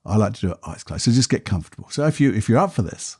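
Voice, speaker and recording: A man, a podcast host and therapist, talking a listener calmly through a guided exercise in a soft, unhurried voice. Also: lowish voice, slightly rough. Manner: calm, soft, unhurried guiding voice.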